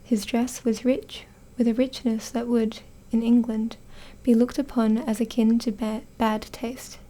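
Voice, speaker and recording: A young Australian woman narrates a story in a soft whisper. Her tone is mellow and a little high. The reading is careful, with small stumbles. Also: flat delivery, measured pace. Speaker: audiobook narrator in training.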